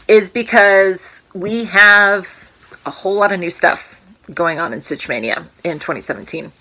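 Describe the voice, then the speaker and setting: Woman, 30s, home vlogger; bright, chatty, rambling, jokey delivery. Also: on the low side, slight background noise. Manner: rambling, self-interrupting, jokey. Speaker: cross-stitch vlogger. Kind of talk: casual chatty show-and-tell.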